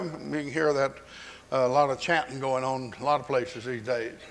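A man's voice: medium pitch, fairly quick. A man preaching a sermon, telling a story in a folksy, humorous style.

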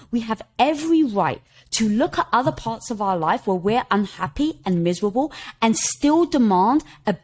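A middle-aged woman shares her story as a podcast guest. Her delivery is expressive and full of movement in pitch, and she keeps slipping into quoted dialogue with little laughs. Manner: expressive, laughs while telling stories, quotes herself. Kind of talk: animated conversational storytelling.

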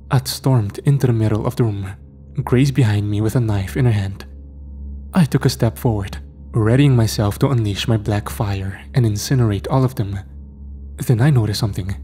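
A man narrating a first-person horror story in a steady, grim storytelling voice. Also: lowish voice.

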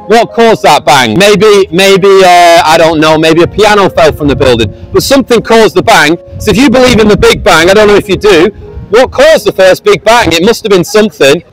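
A man's voice: sits high, lively intonation, moderate pace, soft background music, poor audio. A man preaching to passers-by outdoors, earnest and pleading, raising his voice at times. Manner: earnest, pleading, raises voice to the street. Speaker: street preacher. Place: outdoors on a busy street.

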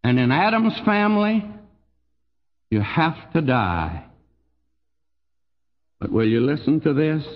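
An older man with a Texan accent preaching a sermon in a folksy, emphatic way, his voice swooping high on key phrases and dropping low. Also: very animated, takes it slowly, long pauses, long reverb tail, highs cut off. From Texas. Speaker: pastor.

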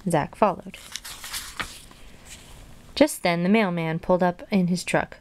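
A woman reading a children's storybook aloud in a plain, gentle way, dropping in casual asides. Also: on the low side, a little slow, long pauses, dry recording. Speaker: storybook reader.

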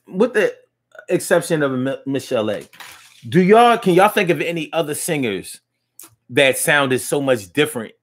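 A man hosting a casual live-stream talk show, chatting loosely with slang and lots of restarts, reading viewer comments aloud. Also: medium pitch.

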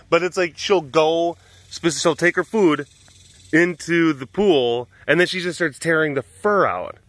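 A man hosting a casual vlog outdoors at a big cat sanctuary, telling stories in a relaxed way with laughs and cooing softly to the animals. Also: fairly high pitch, normal speed, no room sound.

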